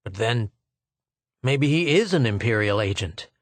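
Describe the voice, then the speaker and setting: A man's voice: on the low side, animated, a little slow, no echo. Man doing a grim, demanding archaeologist. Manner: urgent, demanding questions. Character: grim male archaeologist, proud and despairing.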